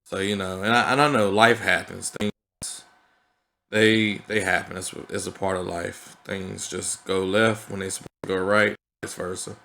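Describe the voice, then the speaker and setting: A man with a low, bright and forceful voice talks through his thoughts in a casual vlog. He is earnest and conversational and keeps checking in with his listeners. His speech has a flavor. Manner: earnest and conversational, peppered with "you know what I mean". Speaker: vlogger. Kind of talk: reflective casual vlog talk.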